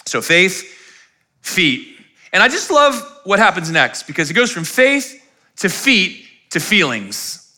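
Bright-voiced man preaching a conversational sermon. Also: high voice. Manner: conversational preaching, swings from hushed to emphatic. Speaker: pastor. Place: church.

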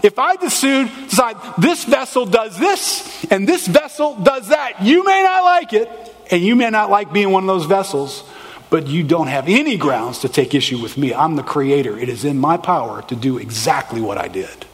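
A man's voice: high-pitched, animated, moderate pace, long reverb tail, pitched above the performer's own voice. A man voicing God as an indignant creator scolding his creations, with an exasperated, emphatic delivery.

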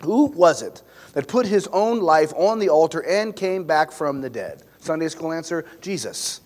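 A man preaching a sermon with impassioned emphasis, swinging from loud to hushed. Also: on the high side, animated, measured pace. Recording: long hall reverb, faint noise.

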